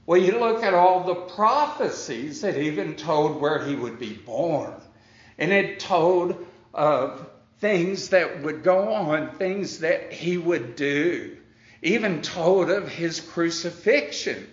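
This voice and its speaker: Slow, deliberate male preacher in an echoey room. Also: on the high side, animated. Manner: reads scripture aloud, then explains it point by point; leans hard on key words. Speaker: pastor. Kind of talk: verse-by-verse Bible teaching. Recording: echoey room, dull muffled sound.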